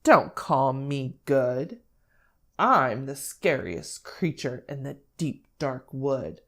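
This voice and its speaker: A woman voicing a small, clever male mouse who boasts, reading a picture book aloud in a bright, animated way. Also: a bass voice, slow pace, exaggerated voice. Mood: boastful. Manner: bright animated storybook delivery.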